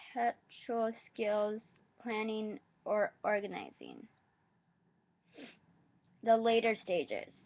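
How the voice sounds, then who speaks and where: A woman vlogger reading facts aloud in a halting, hesitant way, adding her own asides. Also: medium pitch, highs cut off.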